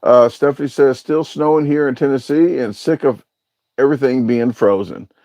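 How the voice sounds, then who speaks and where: A man's voice: medium pitch, moderate pace, warm tone, no echo. A man hosting a casual livestream, reading out viewer comments and answering them in a rambling, hesitant way with lots of filler sounds. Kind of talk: casual live-stream chat.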